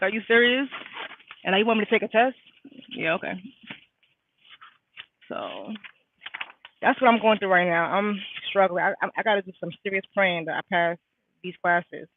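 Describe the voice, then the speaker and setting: A woman's voice: medium pitch, a little hiss or hum. Stressed young woman venting, tinny phone sound. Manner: candid, slangy venting with many fillers. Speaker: nursing student vlogger. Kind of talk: casual vlog. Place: in her car, parked at school.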